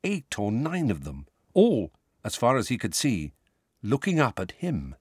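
A man reading an audiobook in scripted narration, with expressive storytelling. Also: mid-range voice, measured pace, breathy edge, dry recording, studio quality.

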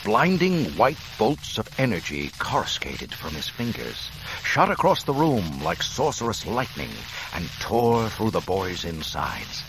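A middle-aged man narrating a dramatic audiobook with an expressive, varied delivery. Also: on the low side, unhurried, background noise.

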